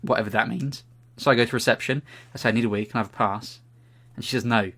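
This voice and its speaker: A man's voice: medium pitch, fairly even intonation, fast talker, gravelly, bright, forceful tone. A young British man, co-host of a podcast, telling a funny anecdote in casual chat and swearing freely.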